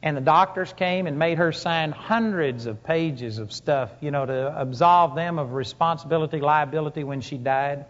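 A man's voice: fairly high pitch, normal speed, hardly any pauses. A man preaching a sermon to a congregation, telling stories with emphatic rises and punchy lines. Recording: long hall reverb, dull lo-fi sound.

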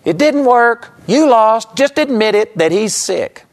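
A man voicing his sarcastic, doubting mother, raising his voice high and loud to taunt. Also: animated, a little slow, exaggerated voice.

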